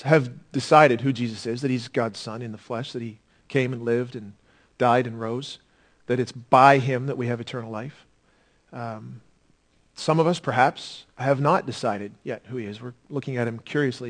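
A male pastor delivering a sermon in a church sanctuary. His talk is earnest, with an ordinary mid-range pitch, rising into forceful emphasis and then dropping to quiet intensity.

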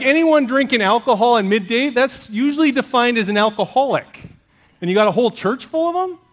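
A middle-aged man preaching to his congregation in a relaxed, conversational way. He teases his listeners with light jokes before turning to read and explain a passage of scripture. His voice sits notably high for a man. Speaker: pastor. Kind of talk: sermon.

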